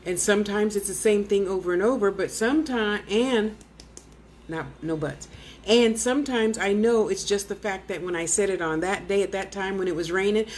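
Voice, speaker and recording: A woman's voice: mid-range voice, darkish tone, slight background noise. A woman clairvoyant medium in casual live-stream chat at home, rambling and blunt, talking straight to her viewers.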